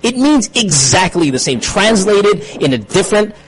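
A man's voice: high voice, very animated, moderate pace, poor audio. A man hosting a radio talk show, arguing his point with emphatic, stammering restarts.

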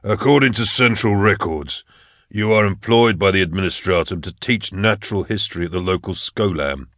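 A man's voice: low voice, moderate pace, a bit bright, no room sound, studio quality. A man voicing a robust, blunt male magistrate enforcer in an audiobook, curt and interrogating. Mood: cold. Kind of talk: audiobook character voice.

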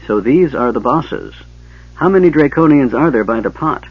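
A man's voice: mid-range voice, expressive, moderate pace, husky, dry recording, pitched above the performer's own voice. Tanis, a man doing a rueful cautious leader. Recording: dull lo-fi tape, dry.

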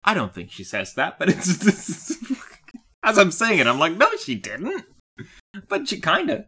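Animated, laughing woman podcast co-host. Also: on the low side, moderate pace, husky. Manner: animated, laughs often, puts on silly voices. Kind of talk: casual chat about a cartoon.

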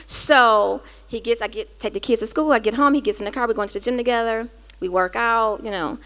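Woman host, high-pitched, candid storyteller, warm confessional chat. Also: brisk. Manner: earnest, conversational, rising to animated quoted dialogue.

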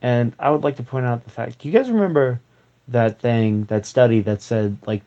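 A man's voice: medium pitch, moderate pace, dark tone. A young man performing a comedy sketch monologue as a smug forum user, mock-serious and hesitant with fillers. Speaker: comedian playing forum users. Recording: slightly dull, dry recording.

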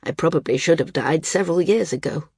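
A frail old woman near death, weary yet frank, speaking low and slow with a gravelly, husky edge, as a woman reading a storybook voices her. Her words are gently firm and a little wry. The sound is dry and close. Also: no room sound, full character voice.

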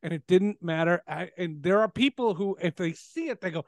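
A man in casual conversation, telling a lively story and laughing often. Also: high-pitched, normal speed, few pauses, no echo, clean studio sound.

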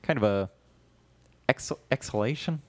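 A man's voice: mid-range voice, measured pace, dry recording. A man co-hosting a casual comedy podcast, riffing playfully and animatedly. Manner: playful, animated, riffs with jokes. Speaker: podcast co-host.

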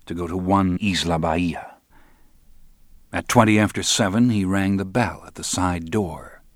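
A man reading novel narration in a steady, understated manner. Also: low-pitched, no echo, studio quality. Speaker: audiobook narrator. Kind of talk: scripted narration.

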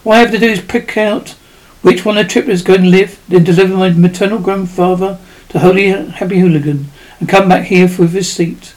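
A man with a high voice reading the lines of a weary, bitter father-to-be in a story. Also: steady tone, fairly quick, a little mellow, natural voice, rough recording. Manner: hollow, sarcastic. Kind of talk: audiobook dialogue.

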